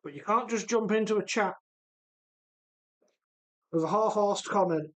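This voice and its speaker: A man's voice: high voice, a little slow, fairly bright tone. A man with a mixed English Midlands and Welsh accent, hosting a casual live stream and chatting through viewer comments as he works. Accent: mix of English Midlands and Welsh. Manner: chatty, reads viewer comments aloud while rebuilding an RC car. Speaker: livestream host.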